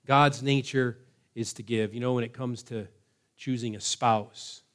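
A man preaching a sermon in a measured way, slowing down to stress key words. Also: medium pitch, steady tone, fairly bright tone. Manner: measured preaching, slows for emphasis. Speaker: pastor.

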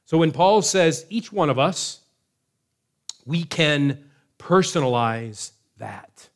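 A man preaching a sermon in a measured way, slowing down to stress key words. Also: a little high. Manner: measured preaching, slows for emphasis. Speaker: pastor.

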